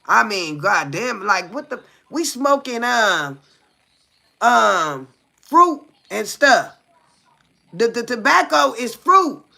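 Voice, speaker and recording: A middle-aged woman holds a casual live chat with her viewers, blunt and profane, circling back with questions to them. Her voice is gravelly, fairly high and sharply tense. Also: sing-song, takes it slowly, bright, forceful tone. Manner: blunt and profane, keeps asking viewers "you hear me?"; loose, rambling, with repeated fillers. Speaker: livestreamer talking to viewers.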